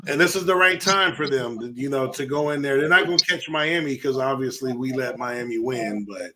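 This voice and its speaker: Laid-back sports co-host over crowd noise. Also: male voice, mid-range voice, a little fast, poor audio. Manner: laid-back, chuckling, argues his point. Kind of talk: casual sports talk.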